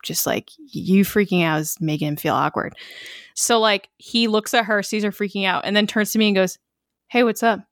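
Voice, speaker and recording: A woman in her twenties from Connecticut chats casually on a podcast. She tells anecdotes with lively, acted-out quotes. The sound is close and dry, with no room echo. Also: mid-range voice, moderate pace. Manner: animated storyteller, acts out quotes. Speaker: podcast co-host. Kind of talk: casual chat.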